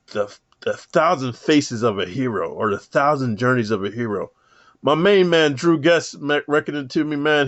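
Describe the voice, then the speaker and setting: Rough-talking man in a dull, dry recording. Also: mid-range voice, no echo. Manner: profane, rough street talk, says "man" constantly. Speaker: self-help vlogger. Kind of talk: rambling monologue to camera.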